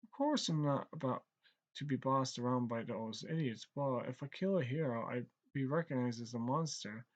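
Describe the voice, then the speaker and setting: An actor playing a surly young man who hunts heroes, gruff and scornful, given to cursing. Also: medium pitch, normal speed, muffled recording, close to an everyday voice. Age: young adult.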